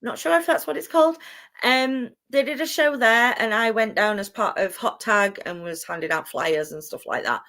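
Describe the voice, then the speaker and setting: Speaking at a normal speed in a fairly high voice, a young English wrestling announcer responds to interview questions. She's expressive and excitable, and frequently breaks into laughter.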